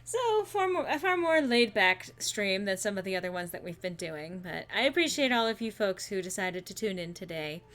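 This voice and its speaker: A woman's voice: mid-range voice, animated, a little fast, hardly any pauses, a bit bright. A woman streaming a game and chatting casually with a co-host and viewers, playful and full of fillers.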